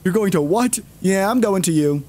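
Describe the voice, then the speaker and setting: A man's voice: high voice, lively intonation, normal speed, darkish tone, slight background noise. A man streaming a game, chatting casually and rambling with plenty of fillers. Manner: rambling, lots of fillers and laughs. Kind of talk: casual chat.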